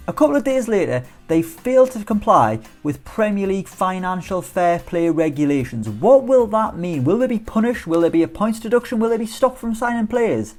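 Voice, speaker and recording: Man, animated pitch, upbeat football game commentary, soft music underneath. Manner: chatty, upbeat, rhetorical questions. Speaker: gaming YouTuber.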